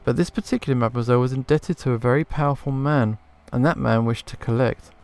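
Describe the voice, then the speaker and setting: Man doing a smooth theatrical impostor. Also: medium pitch, quick pace, darkish tone, lightly acted. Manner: florid, theatrical storytelling. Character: smooth male impostor posing as a prince, theatrical. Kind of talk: reading game dialogue aloud.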